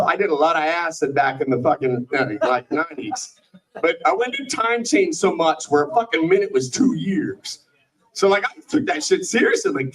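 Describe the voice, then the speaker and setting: A man's voice: fairly high pitch, very animated, normal speed, a bit bright, recorded from a distance, low-quality recording. A middle-aged man doing a rambling, profane stand-up set in a small bar, often stopping himself mid-thought. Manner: rambling, profane, self-interrupting. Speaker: stand-up comedian and show host.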